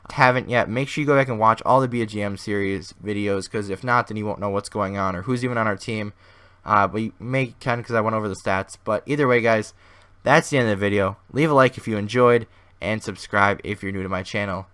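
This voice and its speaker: A man with a hoarse, fading voice giving casual, rambling commentary over a video game as host of his gaming channel. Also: fairly low pitch, steady tone, quick pace, bright, forceful tone. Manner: rambling, thinks aloud with many restarts.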